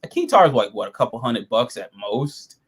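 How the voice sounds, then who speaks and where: Animated, profane man chatting casually. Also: mid-range voice, a little fast, slightly rough. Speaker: show host reviewing episodes. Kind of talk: casual review chat.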